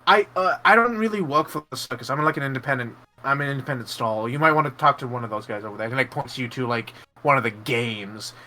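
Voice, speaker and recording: A man running a tabletop game, rambling and laughing as he narrates and slips into quick side characters. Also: mid-range voice, animated, pushed and bright, soft background music. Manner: rambling, laughing, lots of fillers and restarts. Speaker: game master. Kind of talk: narrating a tabletop game, voicing NPCs in passing.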